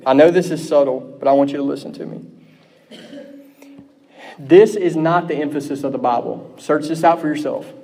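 A man's voice: fairly high pitch, normal speed, pauses often, warm tone. Earnest man preaching a sermon. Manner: earnest, repeatedly checking in with listeners.

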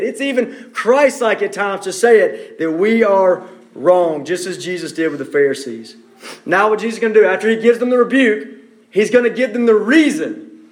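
A man preaching a sermon, emphatic and direct, repeating key phrases for stress. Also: very high voice.

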